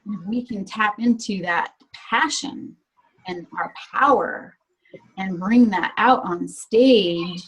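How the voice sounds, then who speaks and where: Husky, emotional woman in a workshop. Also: mid-range voice, takes it slowly, a bit bright, low-quality recording. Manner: emotional, enthusiastic. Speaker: workshop participant. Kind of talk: casual chat.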